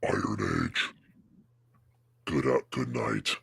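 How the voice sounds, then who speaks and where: Dude doing a super deep gravelly announcer, real slow. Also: male voice, a bit bright, exaggerated voice. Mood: solemn.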